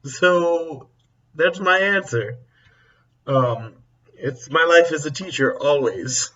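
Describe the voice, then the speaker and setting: Taking it slowly, a man with a rather high, slightly bright voice, a teacher by trade, rambles casually to camera in a vlog. He chuckles and frequently stops mid-thought to correct himself. He's distant from the mic, and the audio sounds dull.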